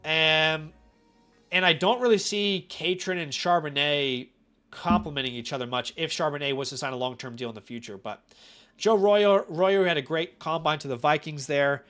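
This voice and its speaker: A man hosts a casual live stream while fighting a cold, talking in a bright, forceful voice. He is chatty and animated, and keeps turning to his audience with direct questions. Soft music plays faintly under his voice. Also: fairly high pitch, moderate pace. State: has a cold. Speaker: fantasy football live-stream host.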